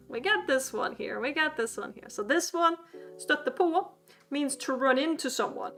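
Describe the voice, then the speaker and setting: A woman's voice: high-pitched, pushed and bright. A woman, chatty and giggly, teaching a casual streamed language lesson as a VTuber. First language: Swedish. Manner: chatty and giggly, quick to laugh at her own jokes.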